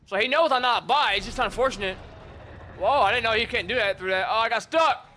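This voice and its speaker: Young streamer dude, high bright voice, hyped and swearing a lot while he plays. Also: quick pace, slight background noise. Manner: excitable, swears, frequent "bro" and "dude". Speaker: gaming streamer. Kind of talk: casual gameplay commentary.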